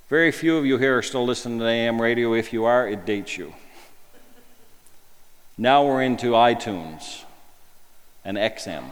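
Guy preaching a sermon, middle-pitched voice, lots of "you know what?" questions, goes loud then hushed, big echoey church hall. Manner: conversational, full of rhetorical questions, swings between emphatic and hushed. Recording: long hall reverb.

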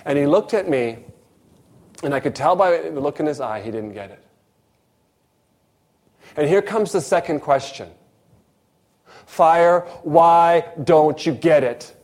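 A man's voice: a little high, moderate pace, long pauses. A man preaching a sermon, telling a story and acting out the dialogue. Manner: animated storyteller, acts out dialogue.

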